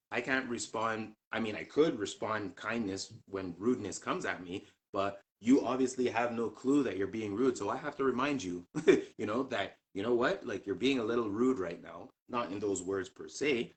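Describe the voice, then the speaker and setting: A man in a casual chat who tells stories animatedly, acting out past conversations line by line. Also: lowish voice. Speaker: co-host.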